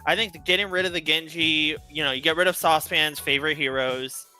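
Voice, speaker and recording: A man casting a live esports match, breaking down picks and bans, with lots of fillers and quick bursts of talk. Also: on the high side, steady tone, bright, forceful tone, clean tone, faint music behind. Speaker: esports caster.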